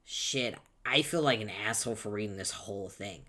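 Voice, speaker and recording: A man's voice: lowish voice, normal speed. A man doing a cranky, swearing troll boy. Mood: irritated. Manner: shouty, insulting, impatient. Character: angry foul-mouthed young male troll. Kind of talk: reading a webcomic aloud.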